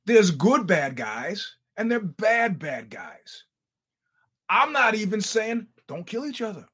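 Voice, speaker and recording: Animated man with a high voice. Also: slow, breathy edge. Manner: animated, profane, laughing asides, jumps between stories. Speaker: podcast host. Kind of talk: casual storytelling monologue.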